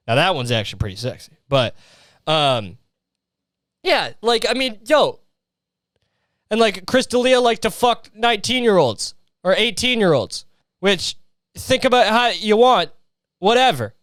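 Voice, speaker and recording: A man's voice: sits high, very animated, measured pace, long pauses, a bit bright, no echo, clean studio sound. A man hosting a solo comedy podcast, ranting with exasperated, profane, sarcastic asides and lots of filler words. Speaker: podcast host.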